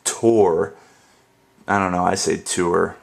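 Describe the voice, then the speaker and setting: This young YouTube creator from the northern United States has a deep, unhurried voice. He rambles casually and jokingly through a dialect tag, spelling words out as he goes.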